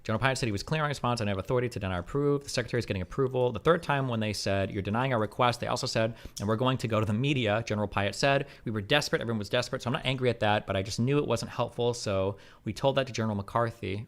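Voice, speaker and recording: A man streaming live, reading a report aloud at a quick clip and breaking off for skeptical asides. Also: medium pitch.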